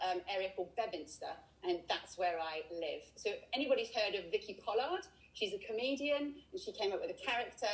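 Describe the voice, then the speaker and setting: A woman's voice: medium pitch, poor audio. A woman from England giving a live walking tour outdoors over a video call, explaining in a chatty way with frequent ums. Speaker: tour guide. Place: outdoors by a river.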